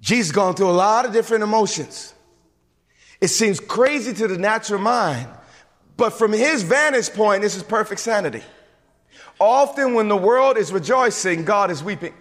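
Animated high-voiced male preacher. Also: moderate pace, big-room sound. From suburbs. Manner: animated, emphatic, with asides and repeated restarts. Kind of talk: sermon.

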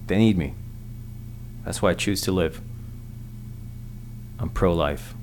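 A man's voice: sits low, takes it slowly, darkish tone, slight background noise. Male solo podcast host; crude, rambling comic rant with lots of stammering restarts.

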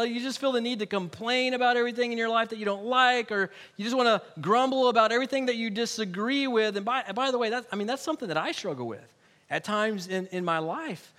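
A man's voice: high-pitched, fairly bright tone. A male pastor preaching a sermon in a conversational way, with humorous asides and emphatic repeated words.

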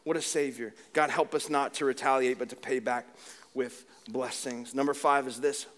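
A middle-aged man preaching a sermon as pastor, animated and conversational, with humor and repetition. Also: mid-range voice, normal speed.

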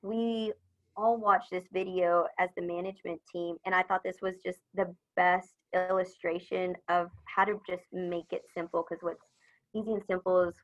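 A woman's voice: on the low side, steady tone, moderate pace. Woman, upbeat, chatty, business interview, slightly muffled lo-fi sound. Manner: upbeat, chatty, acts out phone greetings. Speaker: supplier customer service leader.

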